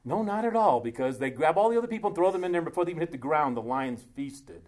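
A man preaching a casual sermon, reading scripture aloud slowly and breaking off into joking asides. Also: fairly high pitch, expressive, a little mellow.

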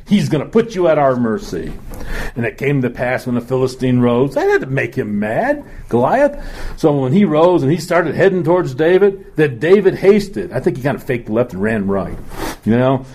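Man, bible teacher, chatty and joking, lively voice, fairly high pitch.

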